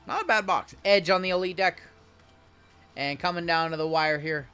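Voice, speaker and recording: A man's voice: on the high side, normal speed, sharp tone, smooth, soft background music. A man hosting a live card break, chatting with viewers as he calls out cards and spots. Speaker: sports card break host.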